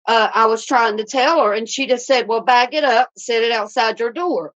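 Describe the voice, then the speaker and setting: A woman's voice: fairly high pitch, moderate pace, a bit bright. Indignant woman, lo-fi recording. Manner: indignant, repeatedly quoting herself and staff. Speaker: customer telling a complaint. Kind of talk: casual spoken account. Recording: dull lo-fi recording.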